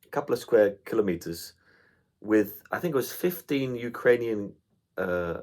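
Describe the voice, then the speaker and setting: His voice is on the low side with a darkish tone, animated and at normal speed. He co-hosts a podcast, chatting casually, telling stories and swearing freely.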